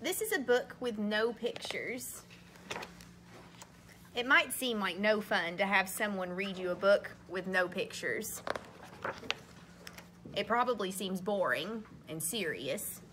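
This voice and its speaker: A woman's voice: medium pitch, slow, long pauses, background noise. A woman reading a children's book aloud, playfully acting exasperated and making silly sounds. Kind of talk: picture-book read-aloud.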